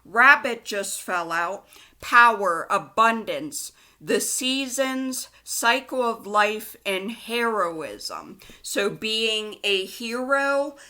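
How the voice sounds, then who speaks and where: A young woman chatting her way through a tarot card reading at an unhurried pace. Her voice is bright and a little sharp, and she talks loosely and giggles, with plenty of likes and ums. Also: mid-range voice, sing-song. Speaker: tarot reader.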